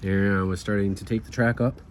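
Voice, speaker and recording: A man's voice: lowish voice, fairly even intonation, brisk. A man casually narrating his hobby garden railway, chatty and a little sentimental. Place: outdoors in a garden. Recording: outdoor background noise.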